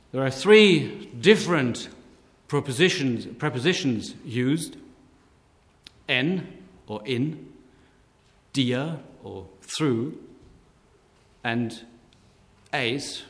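A man preaching a sermon slowly and deliberately, lifting his voice on key words. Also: mid-range voice. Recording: long hall reverb.

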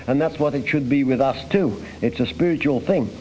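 A man's voice: medium pitch, fairly quick, a little mellow, a little hiss or hum, low-quality recording. A man preaching a sermon on a psalm, earnest and emphatic, reading scripture aloud between his own comments.

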